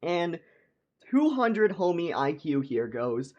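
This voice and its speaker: A man's voice: on the high side, very animated, slow pace, a little mellow, muffled recording. A young man telling a casual storytime vlog anecdote, rambling, repeating words and laughing.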